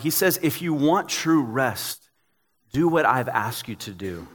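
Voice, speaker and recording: A young man, a pastor, preaching a sermon in a relaxed, joking, storytelling way. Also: mid-range voice, measured pace, in a large hall.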